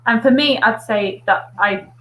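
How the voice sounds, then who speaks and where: A woman's voice: fairly high pitch, measured pace, a bit bright, a little hiss or hum, low-quality recording. A woman hosting a casual video call discussion, asking questions and reflecting on her own reading. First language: English.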